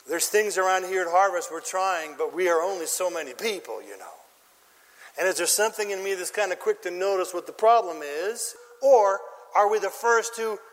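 A man's voice: high voice, a bit bright, big-room sound. A man preaching a sermon as pastor, emphatic and quizzing his congregation with questions. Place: church.

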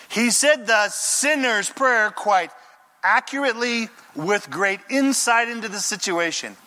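A man preaching a sermon in a high, ringing voice. He acts out the story dramatically and fires questions at the congregation, then answers them himself. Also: sharp tone.

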